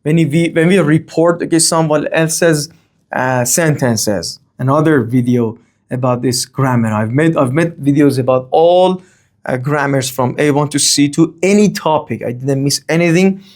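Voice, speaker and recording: A man teaching a grammar lesson, speaking, often pausing on okay and uh and reading example sentences with a lifted tone. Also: fairly high pitch, darkish tone. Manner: explains slowly with many fillers and okays. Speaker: language teacher.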